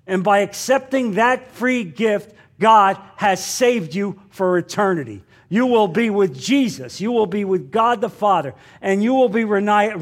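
A man preaching a sermon in an emphatic way, repeating lines and putting questions to his listeners. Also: high-pitched. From New Jersey.

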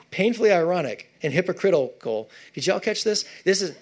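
Casting note: male pastor, lively, chatty sermon delivery, higher voice. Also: normal speed. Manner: animated, conversational preaching with asides to the congregation.

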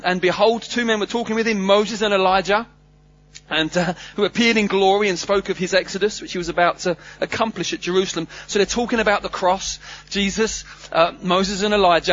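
Earnest high-voiced male preacher. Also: fairly even intonation, brisk, fairly bright tone. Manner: earnest, emphatic, with many repeated restarts. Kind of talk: sermon. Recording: slightly dull sound with faint hum.

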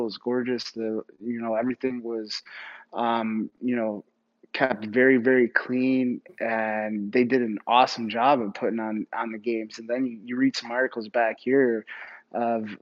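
A man, a former hockey goalie, answering interview questions in a relaxed way, filling his speech with "like" and "you know". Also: mid-range voice, moderate pace, highs cut off. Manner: relaxed, filler-heavy with frequent "like". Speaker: retired hockey goalie, guest.

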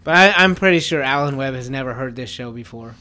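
A podcast host with a medium-pitched, bright, forceful voice chats casually and with animation. He teases, pokes fun at himself in a mock self-pitying way, and laughs easily.

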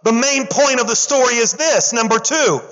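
A male pastor preaching an animated sermon, acting out the story's characters in casual slang and calling on the congregation to respond. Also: very high-pitched, moderate pace, big-room sound, lo-fi sound. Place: church.

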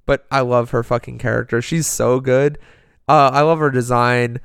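A man's voice: medium pitch, fairly even intonation, moderate pace, gravelly, fairly bright tone, clean tone, no echo, studio quality. A man co-hosting a podcast in casual chat, enthusiastic and rambling, swearing freely. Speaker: podcast co-host.

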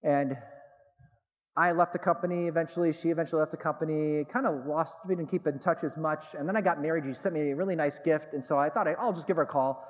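A middle-aged man with a fairly high voice addresses a live crowd as a theologian, telling stories in a lively way and stressing points by repeating them. His words ring with the long echo of a large hall. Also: fast talker. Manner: animated storytelling, emphatic repetition. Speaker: theologian and speaker. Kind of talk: public talk to a live audience.

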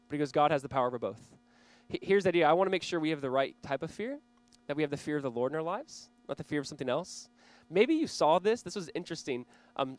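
A man's voice: on the high side, no echo. Earnest, chatty male pastor. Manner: conversational and earnest, with small laughs and restarts. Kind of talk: sermon.

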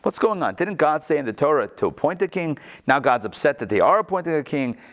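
A man teaching a Torah text-study class in a conversational way, asking the class rhetorical questions and swinging his pitch for emphasis. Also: big pitch swings, fast, a bit bright.

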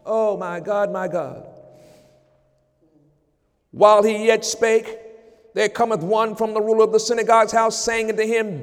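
A man preaching a sermon as pastor at an evening church service, rising into shouted praise and call-outs. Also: sits high, steady tone, measured pace, long pauses, clean tone, in a large hall.

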